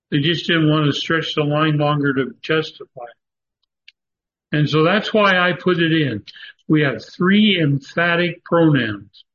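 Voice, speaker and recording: Man, Bible study teacher, very slow pace, filler-heavy, emphatic stresses, lo-fi recording. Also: a little high, a bit bright. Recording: dull lo-fi recording with faint noise.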